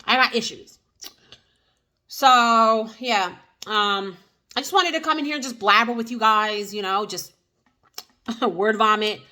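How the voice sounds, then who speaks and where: A woman's voice: on the high side, slow pace, pauses often, pushed and bright. A woman with a New Jersey accent chatting casually to the camera in an eat-and-chat vlog, rambling with many fillers and restarts. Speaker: vlogger.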